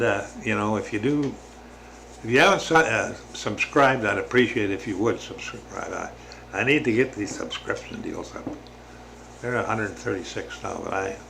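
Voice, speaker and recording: A man giving a slow, halting, casual spiritual reflection to his viewers, with many pauses and restarts. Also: fairly low pitch, gravelly, fairly bright tone, slight background noise. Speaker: religious vlogger.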